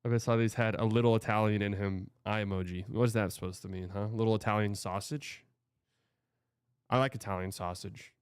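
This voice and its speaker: A man's voice: on the low side, fairly even intonation, a little fast, clear, resonant tone, no room sound, clean studio sound. A young man from Texas hosting a show, reading viewer comments in a loose, rambling, chatty way. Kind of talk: casual livestream chat.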